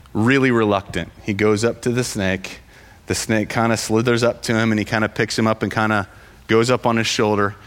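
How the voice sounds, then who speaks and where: A man telling a parable in casual storytelling, halting with frequent fillers and restarts. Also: mid-range voice, a bit bright. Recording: long hall reverb.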